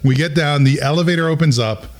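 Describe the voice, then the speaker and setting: A middle-aged man telling a story in casual conversation, lively and chuckling, often acting out what other people said. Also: fairly high pitch, fast. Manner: animated, acts out quoted voices, chuckles while telling.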